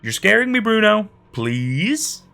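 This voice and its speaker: A frightened young woman pleads in a high, cracking voice, as a man narrating plays her. Her words jump up and down in panic, with a gravelly edge under the strain, in a horror story reading. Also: sing-song, slow pace, pushed and bright, faint music behind, heavily acted. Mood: panicked.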